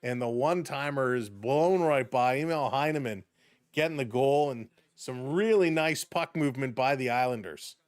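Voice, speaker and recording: A man calling live hockey play-by-play on a stream, quick and excitable, chatting with viewers between plays. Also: mid-range voice, no echo. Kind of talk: hockey play-by-play commentary with chat shout-outs.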